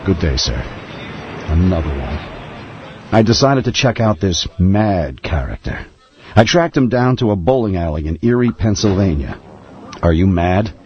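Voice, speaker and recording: An actor playing a deadpan male noir detective with a Brooklyn accent, formal and polite, in a comedy radio play. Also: deep voice, moderate pace, breathy edge, no echo. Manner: deadpan, formal, sir-ending. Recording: slightly muffled recording.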